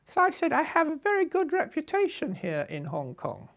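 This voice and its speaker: An older woman telling her life story in an unscripted, assertive and brisk way. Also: high-pitched, vocal fry. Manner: brisk, assertive, animated retelling with laughs. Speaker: storyteller recalling her past. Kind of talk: unscripted spoken memoir.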